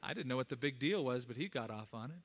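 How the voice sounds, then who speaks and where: A man's voice: medium pitch, animated, fast, fairly bright tone, slight background noise. A middle-aged man, a pastor, preaching a sermon and earnestly addressing the fathers in the congregation.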